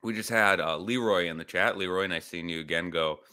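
A man's voice: deep voice, fairly quick, sharp tone, clear, resonant tone. A man hosting a podcast livestream, rambling casually with some swearing and reacting to chat comments. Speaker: podcast host.

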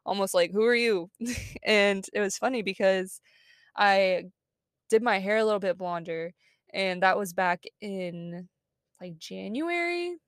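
A woman's voice: medium pitch, expressive, a little slow, dry recording, studio quality. A young woman, chatting casually as a podcast host from her parked car, upbeat and full of fillers. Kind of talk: casual chat.

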